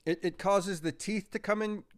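A man's voice: high voice, steady tone, normal speed. A man, a breathwork coach, talking energetically and impulsively as a podcast guest, acting out his examples. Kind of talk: casual podcast conversation.

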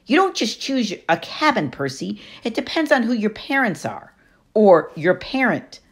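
A woman's voice: medium pitch, big pitch swings, a little slow, pitched above the performer's own voice. A woman reading an audiobook, voicing a clever, self-assured teenage girl who explains things patiently and knowingly.

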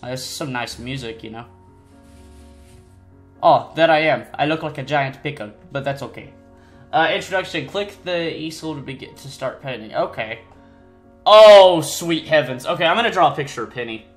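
A man casually commenting on his own gameplay. He rambles, pokes fun at himself and breaks into sudden excited squeals. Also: a little high, normal speed. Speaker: gaming channel host. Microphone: desk mic, no face cam. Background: faint game music.

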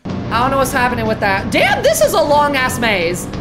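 Young woman streamer yelling at her game, high voice bouncing all over, music playing behind. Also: moderate pace. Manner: excitable, loud outbursts, slangy and profane. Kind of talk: live game stream chat.

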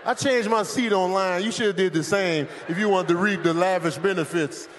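A man with a very high voice performs live stand-up on a comedy stage, talking into a handheld mic. He is animated and often bursts into shouted impressions of airport staff. A faint hum of noise sits under his voice. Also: moderate pace. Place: comedy stage with a laughing audience.

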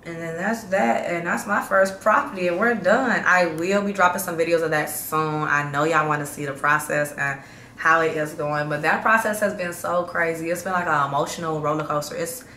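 Woman vlogger from chicago, slangy and chatty, kinda low voice, roomy echo. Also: moderate pace, pushed and bright. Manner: slangy, chatty, hyped toward the end. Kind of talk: casual update to viewers. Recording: roomy echo, faint background hum.

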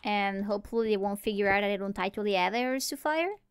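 Talking fast in a clear, resonant, medium-pitched voice, a solo gamer rambles playfully through her let's-play. She chats to herself and to any animals she meets along the way.

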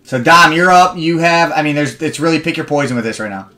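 A man's voice: on the high side, lively intonation, a little fast, sharp tone. Chatty man hosting a card break. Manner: rambling, chatty storytelling between picks. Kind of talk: live card break stream chat.

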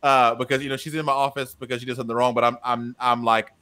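Lively storytelling man, bright voice. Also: mid-range voice, quick pace. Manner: animated, acts out quotes with a raised voice. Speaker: teacher and podcast co-host. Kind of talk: casual storytelling chat.

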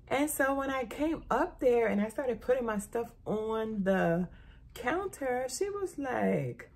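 A middle-aged woman chatting casually to camera about a shopping haul, an animated storyteller who often says "y'all.". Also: medium pitch, normal speed, husky. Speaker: haul vlogger.

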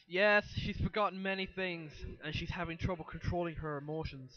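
A man reading aloud as a patient, reassuring male doctor in a measured tone. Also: high voice, no room sound, highs cut off, natural voice.

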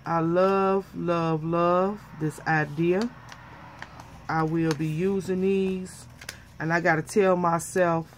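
A woman vlogger chatting casually as she unboxes a package, gushing and repeating how much she loves each item, excited and a little flustered. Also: fairly low pitch, slow, slight background noise.

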